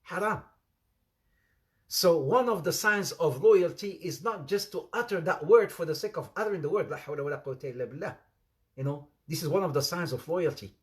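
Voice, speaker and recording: A man giving an informal sermon, telling anecdotes in an animated way with laughter and repetition. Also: on the high side, quick pace. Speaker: Islamic preacher.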